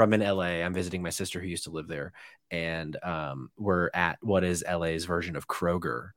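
A man's voice: low voice, fairly bright tone, dry recording, clean studio sound. A young man co-hosting a podcast, telling a rambling, sweary anecdote full of fillers and restarts. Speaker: podcast co-host. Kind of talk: casual storytelling chat.

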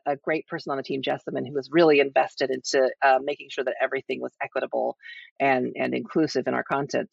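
An American man being interviewed, talking casually and lively, often restarting his sentences. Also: medium pitch, gravelly, no room sound. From United States. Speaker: guest. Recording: slightly dull lo-fi sound.

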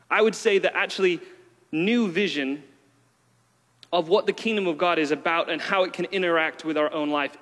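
A man preaching a casual, conversational sermon with many fillers. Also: sits high. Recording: long hall reverb.

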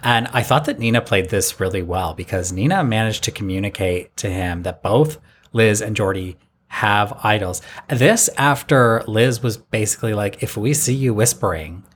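A man's voice: on the low side, moderate pace, a little hiss or hum. A man co-hosting a podcast, recapping a reality show in casual chat and acting out the players' lines. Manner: lively storytelling, mimics the players.

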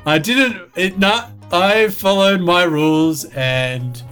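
A man's voice: high voice, slow, a bit bright, clean tone, soft background music. An Australian man who runs the game, teasing his players with lots of giggling in casual podcast banter. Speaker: game master.

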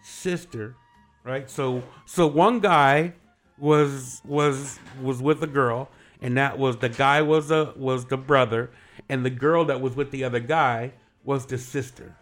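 A middle-aged man, a guest on a morning show, telling a story in casual chat. He is animated, laughs often and acts out what people said. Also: medium pitch, a little slow, faint music behind.

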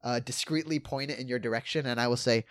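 A man playing a tabletop game talks through his moves in a halting way, full of fillers. His voice sits at a middle pitch. There is a dry, close sound with no room echo. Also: a bit bright. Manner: halting, hesitant with many fillers. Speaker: player. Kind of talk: casual tabletop play.

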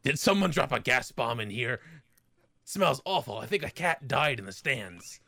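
A man's voice: medium pitch, expressive, creaky, bright, forceful tone, no room sound. A man co-hosting a podcast, chatting casually and joking as he acts out characters. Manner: jokey, quick to act out characters. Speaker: podcast co-host. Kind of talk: casual chat.

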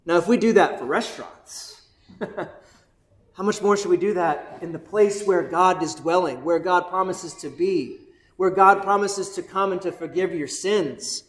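Man, pastor, sermon, excited and chatty, higher voice, echoey room. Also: measured pace. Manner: energetic, conversational, keeps asking "right?"; excited, bouncing while preaching.

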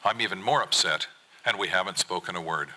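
A middle-aged fisherman poet giving an earnest, measured spoken-word reading of his own poem. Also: low voice, pushed and bright, low-quality recording. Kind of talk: performed poetry reading.

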